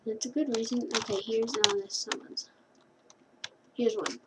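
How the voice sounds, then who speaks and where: Playing a computer game, this woman rambles and corrects herself in casual commentary, her voice on the high side and unhurried. Keyboard clicks and clear background noise come through.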